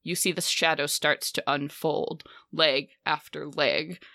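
GM narrator: woman, low and bright voice, descriptive, dry close mic. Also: steady tone, slow, gravelly, no room sound. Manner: descriptive, filler-heavy. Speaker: game master. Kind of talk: narrating a tabletop game.

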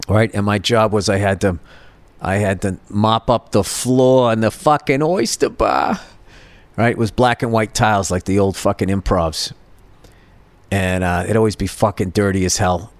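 A man's voice: fairly low pitch, no echo. A man, a podcast host telling profane, rambling stories and laughing at his own jokes. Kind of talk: casual rambling monologue.

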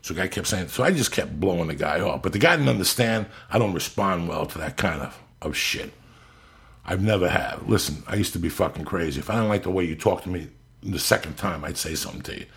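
Deep raspy guy telling a story on a podcast, swears a lot, real blunt. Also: expressive, fast talker, fairly bright tone. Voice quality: gravelly, raspy. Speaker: podcast host. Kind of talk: casual storytelling chat.

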